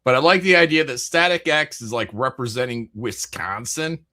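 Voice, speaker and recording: A man's voice: mid-range voice, moderate pace, sharp tone. A man hosting a casual live stream, rambling through chat messages with frequent jokes, laughs and swearing. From American Midwest.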